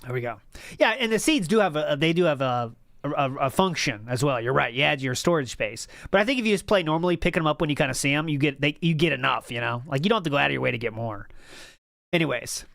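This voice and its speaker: A woman's voice: deep voice, expressive, fast talker, vocal fry, dry recording. A woman streamer giving casual reaction commentary in a blunt, irreverent way, swearing freely. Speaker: streamer and content creator.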